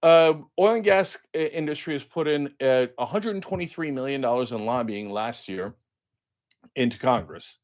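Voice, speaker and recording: A man giving heated political commentary as a show host, sarcastic and indignant, mocking the people he quotes and hitting key words loud and high. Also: moderate pace.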